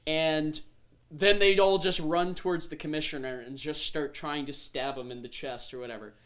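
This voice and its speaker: A man's voice: a little high, fairly even intonation, moderate pace, a bit bright. A man hosting a podcast, animatedly recapping the tabletop game he ran, swearing freely. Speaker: game master and podcast host.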